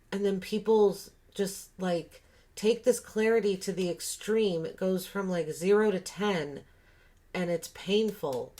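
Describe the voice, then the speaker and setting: A woman's voice: mid-range voice, a little mellow. A woman giving a casual tarot reading, thinking aloud and musing with many fillers and restarts. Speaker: tarot reader.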